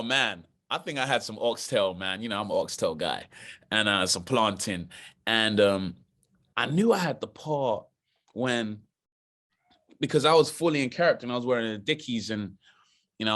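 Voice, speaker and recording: Young london guy, lower voice, chatty storyteller, laughs a lot. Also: a bit bright. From Britain. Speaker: actor guest. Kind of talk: casual storytelling interview.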